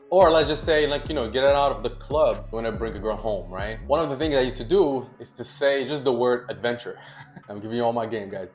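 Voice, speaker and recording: A man talks straight to camera with casual dating advice, hammering each point home and acting out the lines he suggests. His voice sits at a middle pitch and bounces around a hard, echoey room, with faint music underneath. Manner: emphatic, repeats key points, acts out example lines. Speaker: dating coach.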